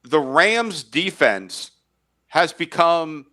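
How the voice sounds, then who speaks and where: A man holds forth on a casual sports talk podcast, his voice bright and forceful and sitting a little high. He repeats words as he builds his argument and chuckles at his own bold calls. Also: sing-song, extremely slow.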